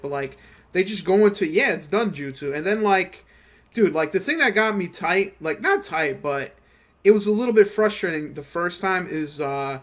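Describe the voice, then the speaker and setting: A man's voice: high voice, sing-song, normal speed, fairly bright tone. A young man casually ranting about work while playing a game, profane and slangy, telling stories with quoted back-and-forth. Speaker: gaming channel host. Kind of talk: casual commentary over gameplay.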